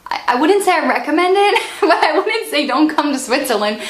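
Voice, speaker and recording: A woman's voice: high-pitched, very animated, a little fast. Chatty woman vlogging in an echoey room. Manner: chatty, laughs often, addresses viewers as you guys. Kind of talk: casual vlog talk to camera.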